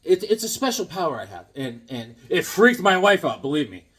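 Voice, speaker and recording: A man hosting a casual unboxing vlog, talking in an excitable, goofy, joking way. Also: fairly high pitch, fairly quick. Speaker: comics vlogger unboxing a package.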